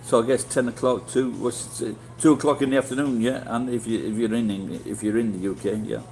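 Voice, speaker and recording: A man's voice: mid-range voice, fairly even intonation, brisk, vocal fry, a little mellow, a little hiss or hum, poor audio. A middle-aged man with a Yorkshire accent, chatting casually with live viewers in a rambling, blunt way and swearing freely. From Yorkshire, England. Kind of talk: casual livestream chat.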